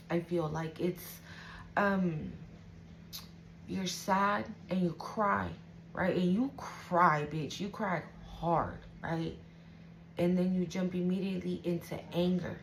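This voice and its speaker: Slow and on the low side, this woman's voice comes through a low-quality recording with slight background noise. A tarot reader giving her viewers an intuitive reading, she keeps things casual and emotional, swears freely and often asks "right?"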